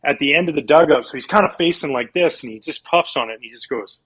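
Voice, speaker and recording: A man from Canada, a former professional pitcher, telling animated, rambling stories as a guest in a casual interview. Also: quick pace, slightly rough, rough recording. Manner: animated, rambling with restarts and laughs.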